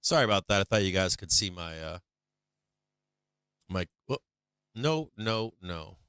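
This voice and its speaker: A man hosting a market live stream, talking through his charts with blunt, profane remarks and frequent restarts. His voice is bright and smooth but wearing thin. It is close-miked and dry, with no room sound. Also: low voice, lively intonation, unhurried, no echo. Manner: blunt, swears, many restarts. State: losing his voice.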